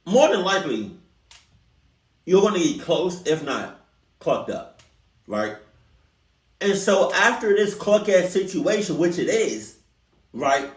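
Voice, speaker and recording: A man's voice: high voice, recorded from a distance. A man hosting a reaction video, talking casually in slangy, joking rants. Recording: roomy sound, away from the mic.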